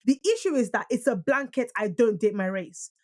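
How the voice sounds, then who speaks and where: A young woman from Nigeria co-hosting a podcast in casual, argumentative chat. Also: fairly high pitch. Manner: animated, argumentative, quick to protest. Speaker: podcast co-host.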